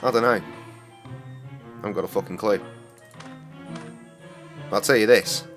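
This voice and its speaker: A man's voice: fairly low pitch, slow, a bit bright, soft background music. A man in his thirties streaming a game, rambling and joking with lots of swearing. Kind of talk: casual game stream commentary.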